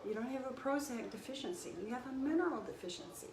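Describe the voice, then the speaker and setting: A woman's voice: high voice, lively intonation, fast talker, crowd noise. A woman in her sixties, a registered nurse, speaking earnestly and emotionally to camera, rising into indignant outbursts. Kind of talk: impassioned monologue to camera. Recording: echoey room with faint background hum.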